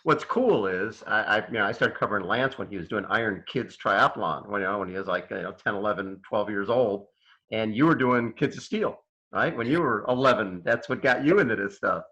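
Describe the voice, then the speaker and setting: A man's voice: lowish voice, a little fast, sharp tone, lo-fi sound. A man hosting a casual video-call interview, asking questions in a chatty, enthusiastic way. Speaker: show host.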